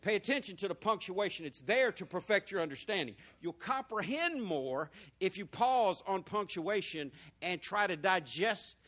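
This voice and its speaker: A male pastor preaching a sermon, throwing rhetorical questions at the congregation and swinging between hushed and loud. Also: sits high, animated, normal speed, hardly any pauses.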